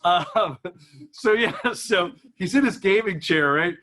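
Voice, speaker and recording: A chatty stand-up comic with a high, bright voice rambles through his set at an office gathering. He keeps cracking himself up between lines. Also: slow pace. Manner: rambling, chatty, laughs at his own jokes. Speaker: stand-up comedian. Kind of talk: stand-up comedy. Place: office event room.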